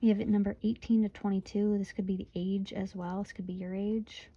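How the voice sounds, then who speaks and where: A woman's voice: medium pitch, level tone, a little fast, mellow, slightly rough, highs cut off. A woman in her twenties from Michigan, chatting casually through a tarot reading, tired and yawning. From Michigan, USA. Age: 20s. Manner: chatty, giggly, often breaks into laughter. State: sleepy, yawning. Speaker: tarot reader.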